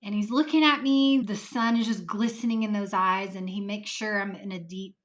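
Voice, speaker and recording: A woman with a medium-pitched voice and fairly even intonation speaks at a moderate pace over a muffled recording. Appearing as a podcast guest, she earnestly relates an emotional story from her life, imitating the voices of the people she quotes.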